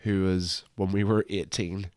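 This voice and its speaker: A man's voice: low-pitched, level tone, measured pace, a little mellow, dry recording. A young man co-hosting a casual commentary podcast, rambling and joking, often slipping into silly voices. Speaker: podcast co-host.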